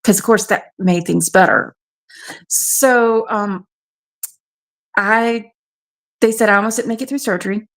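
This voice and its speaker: A woman's voice: mid-range voice, fairly even intonation, a little slow, long pauses, fairly bright tone. A woman from South Carolina, frankly recounting a personal ordeal as a radio show guest. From South Carolina, USA. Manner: frank, matter-of-fact storytelling. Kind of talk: personal testimony.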